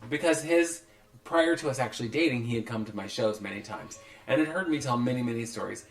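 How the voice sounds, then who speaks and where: Animated man telling stories in a roomy space. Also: medium pitch, fast. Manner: animated storyteller, acts out quoted voices, swears freely. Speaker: podcast host. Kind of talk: casual storytelling chat. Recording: roomy echo with faint music.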